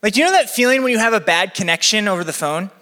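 A young man preaching a sermon as campus pastor, chatty and energetic with a live crowd. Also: high-pitched, fast talker. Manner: energetic, chatty, acts out quotes. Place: church venue with balcony. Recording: long hall reverb.

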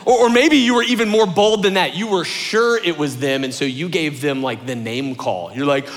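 A young adult man, a lead pastor, preaching a sermon as an animated storyteller who acts out quotes in a high voice. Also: moderate pace. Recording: long hall reverb.

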